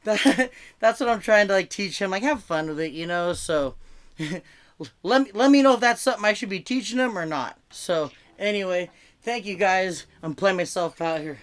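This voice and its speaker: His voice sits high and is expressive, smooth and a bit bright at normal speed. He's doing a meandering, conversational stand-up set through a video call mic, loaded with "like" fillers and restarts.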